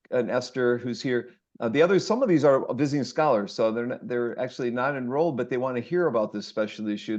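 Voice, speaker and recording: A man's voice: medium pitch, darkish tone. Rambling male course instructor, lo-fi audio. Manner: rambling, many fillers and restarts. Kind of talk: casual online class talk.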